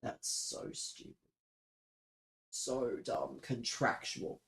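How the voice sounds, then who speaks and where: A young man rants to his live chat with sarcastic, exasperated profanity. His voice sits fairly high, and he drags out his words in a slow, drawn-out way. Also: sing-song, rough recording. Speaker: streamer. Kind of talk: live-stream rant to chat.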